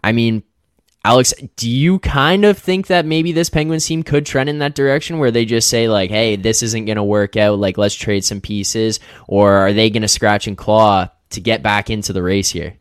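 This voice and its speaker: A fairly low-voiced man co-hosts a sports betting show in relaxed chat. He talks conversationally and keeps passing questions to his co-hosts. The sound is dry and close, with no room around it. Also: normal speed, clear, resonant tone, dry recording.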